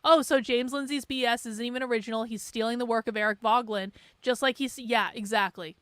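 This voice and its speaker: A woman's voice: a little high, steady tone, brisk, a bit bright, clear, resonant tone, dry recording. A woman hosting a livestream, commenting sarcastically and casually while she plays a video for viewers. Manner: sarcastic, interrupting, laughing. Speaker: livestream host.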